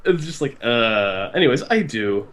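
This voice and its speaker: A male podcast host reading a fan story aloud, with expressive delivery and lots of banter and laughter. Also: mid-range voice, normal speed. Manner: expressive, with frequent laughter and outbursts.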